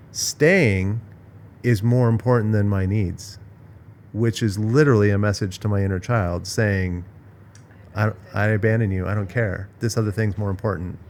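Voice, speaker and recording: A man's voice: on the low side, darkish tone. A middle-aged man hosting a casual podcast conversation, speaking frankly and with emphasis, sometimes swearing. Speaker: podcast host.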